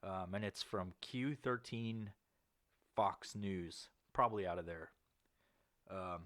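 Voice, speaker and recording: Big pitch swings mark this man's voice, which runs a little slow with frequent pauses and a slightly bright tone on a dry recording. As a podcast co-host he reads news stories in casual banter, laughing plenty, swearing freely and switching into squeaky character voices.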